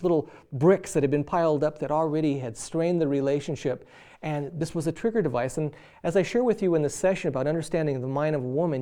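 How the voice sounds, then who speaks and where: A middle-aged man preaching a sermon on marriage, acting out quarrelling spouses as he tells stories. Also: a little high. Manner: animated storyteller acting out both spouses.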